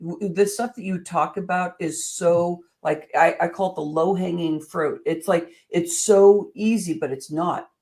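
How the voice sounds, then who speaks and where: Woman podcast host, warm and effusive, casual interview chat. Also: on the low side, unhurried, hardly any pauses.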